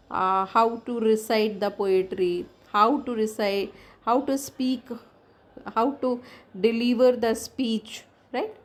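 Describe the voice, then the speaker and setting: A woman with an Indian English accent, a native Hindi speaker, giving a classroom lecture. She explains in a roundabout way with many fillers and restarts. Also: fairly high pitch. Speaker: English teacher.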